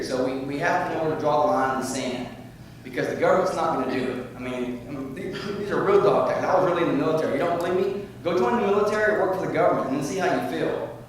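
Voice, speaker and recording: A man giving impassioned public comment at a community forum. He rambles, then grows loud and heated. He is picked up from far off in an echoey meeting room with faint noise behind him. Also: on the high side, fast talker, hardly any pauses.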